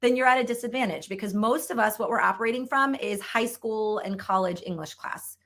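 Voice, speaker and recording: A woman's voice: a little high, fairly quick, a bit bright. A middle-aged woman giving an upbeat, emphatic conference talk on sales writing as a trainer, repeating points for effect.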